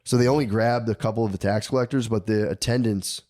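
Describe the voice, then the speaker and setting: A man's voice: lowish voice, steady tone, fast, a little mellow. Slangy man telling a story. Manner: profane, slangy, acts out characters' lines. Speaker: podcast co-host telling a history story. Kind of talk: casual storytelling chat.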